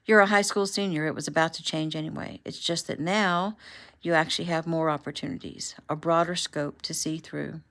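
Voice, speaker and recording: Brief: steady, matter-of-fact male agent, lowish voice, read by a woman. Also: a little fast. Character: calm, steady adult male federal agent.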